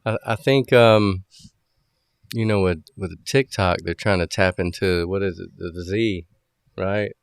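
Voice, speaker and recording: A man joins a casual podcast chat, pausing and restarting as he thinks aloud. His voice is very deep and resonant. The sound is dry. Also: smooth, no echo. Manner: halting, with restarts and fillers.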